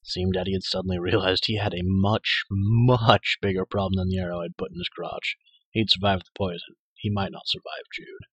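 A man narrating a dark urban fantasy audiobook in the first person, with dramatic, measured storytelling. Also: sits low, steady tone, husky, dry recording, rough recording.

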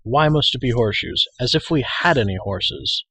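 A man's voice: medium pitch, a little fast, slightly rough, no echo, rough recording. A man voicing an eager, impatient teenage apprentice boy in a storybook reading. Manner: pleading, excitable.

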